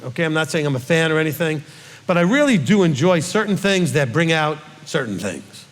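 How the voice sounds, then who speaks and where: A man's voice: a little high, long reverb tail. A male rabbi reading scripture aloud and teaching from it, in a conversational way that puts questions to his listeners.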